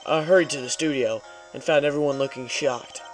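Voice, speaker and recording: A mild young actor, soft-spoken and a bit nervous, telling his side plainly, read in a man's everyday voice. a game character with little put-on, steady and mid-pitched. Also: brisk, faint music behind, close to an everyday voice. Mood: recounting.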